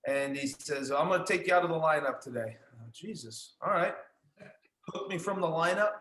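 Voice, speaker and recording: A man, a former catcher, recounting a story in relaxed, casual talk. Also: a little high, quick pace. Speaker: former pro catcher guest. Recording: roomy echo.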